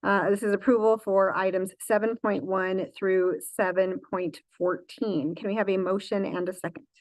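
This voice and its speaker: A woman's voice: medium pitch, little pitch movement, normal speed, no echo. A woman presiding over a public school board meeting, running motions and votes with frequent fillers and self-corrections.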